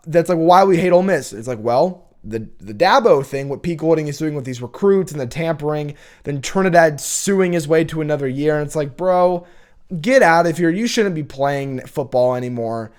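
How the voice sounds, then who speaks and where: A man's voice: fairly high pitch, normal speed, a little mellow. Opinionated young man ranting casually. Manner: opinionated, rambling, frequent restarts and fillers. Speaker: college football show host.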